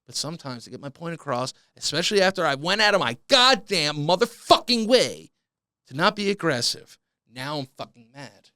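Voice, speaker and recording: A man riffs through his solo comedy podcast in a profane, mock-outraged rant. His pitch leaps around wildly and his tone is bright and edgy. The sound is dry and close to the mic. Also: very animated, moderate pace, no echo. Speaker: podcast host.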